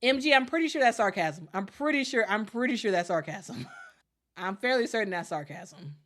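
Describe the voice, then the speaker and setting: A woman's voice: medium pitch, animated, moderate pace, fairly bright tone. Woman, basketball commentator, casual stream chat, repeats phrases. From Chicago. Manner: repeats herself, reads chat aloud, laughs often.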